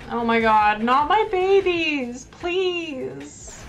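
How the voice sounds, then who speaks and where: A woman's voice: high-pitched, lively intonation, very slow, slight background noise. A woman commenting live on her gameplay, reacting with frequent exclamations and mild swearing. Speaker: game streamer.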